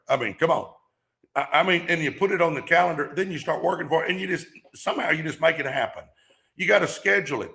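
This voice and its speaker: Fired-up gravelly motivational speaker man. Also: fairly high pitch, animated, a little fast, bright, forceful tone. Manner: preacher-like, fired up, repeats catchphrases. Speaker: podcast host. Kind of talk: motivational talk on a livestream.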